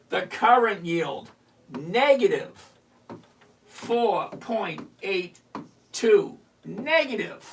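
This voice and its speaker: A middle-aged livestream host in casual commentary who teases a viewer sarcastically, repeats points slowly and mutters while hunting around the screen. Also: mid-range voice, animated, slight background noise. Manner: teasing, sarcastic, talks straight to a viewer.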